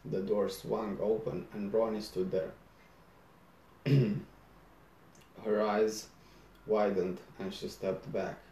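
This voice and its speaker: A man narrating a first-person story aloud in a measured, deadpan manner. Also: lowish voice. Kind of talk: first-person audiobook reading. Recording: roomy echo.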